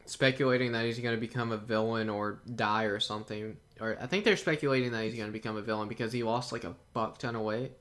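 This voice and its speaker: A young man co-hosting a casual podcast, relaxed and laughing between remarks. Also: lowish voice, fast, hardly any pauses. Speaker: podcast co-host. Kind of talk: casual chat.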